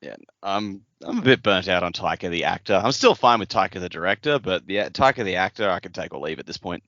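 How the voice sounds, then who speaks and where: A man's voice: low voice, lively intonation, fast talker, a bit bright, dry recording, dull audio. A man co-hosting a podcast in casual chat, thinking aloud through theories. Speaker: podcast co-host.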